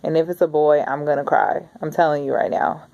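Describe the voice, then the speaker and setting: A woman in her thirties rambles warmly through a casual video diary, chatting straight to camera. Her voice sits a little low, and the recording sounds slightly dull and lo-fi. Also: steady tone, brisk. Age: 30s. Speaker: vlogger.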